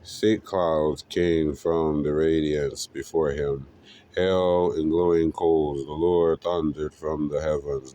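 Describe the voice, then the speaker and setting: A man giving an earnest, emotional devotional Bible reading, pausing as he goes. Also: a bass voice, mellow, a little hiss or hum. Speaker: scripture reader.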